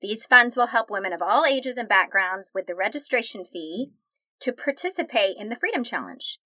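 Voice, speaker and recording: A woman hosting a podcast, talking with a smile you can hear and plenty of enthusiasm. Her voice is bright and forward, recorded close and dry with no room sound. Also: a little high, animated, normal speed, dry recording. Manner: enthusiastic, smiling delivery. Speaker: podcast host. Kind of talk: warm podcast interview.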